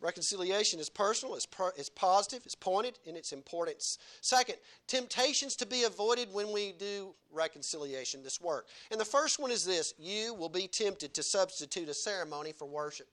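A man's voice: sits high, lively intonation, normal speed, hardly any pauses, a bit bright. A man preaching a sermon in church, emphatic and firing rhetorical questions at the congregation.

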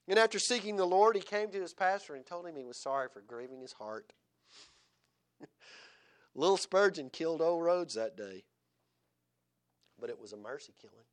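Dramatic higher-voiced preacher. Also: male voice. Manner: dramatic, swinging from loud to hushed, chuckles often. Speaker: pastor. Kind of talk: sermon.

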